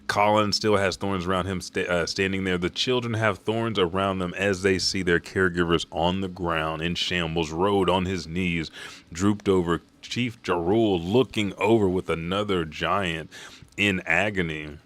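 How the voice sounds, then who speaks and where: A man's voice: sits low, steady tone, measured pace, a bit bright. A man hosting a live stream, casually narrating a comic chapter panel by panel with profanity. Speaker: manga reaction host.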